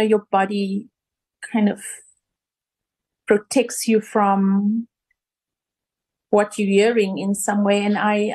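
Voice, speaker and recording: A middle-aged woman with a South African accent, an interview guest giving an emotional personal recollection in a halting way, with many restarts. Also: a little high, vocal fry, a little mellow.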